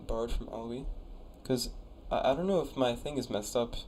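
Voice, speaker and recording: He speaks briskly in a medium-pitched, somewhat mellow voice, and there's slight background noise. A young college man on a live stream, he's relaxed and talkative, reading viewers' messages out loud and sounding out words from their conlangs.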